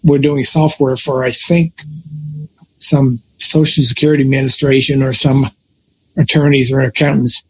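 A man's voice: medium pitch, little pitch movement, moderate pace, a little hiss or hum, low-quality recording. An older man telling long stories from his working life in a casual conversation, often stopping to correct himself. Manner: rambling storyteller, self-correcting. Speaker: guest.

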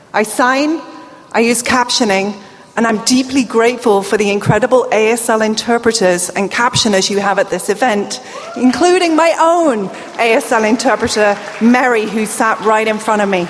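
A middle-aged British woman with a slight deaf accent giving a lively, playful conference keynote, speaking straight to the audience. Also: fairly high pitch. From England. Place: large hall before a live audience. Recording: long hall reverb with faint ambient noise.

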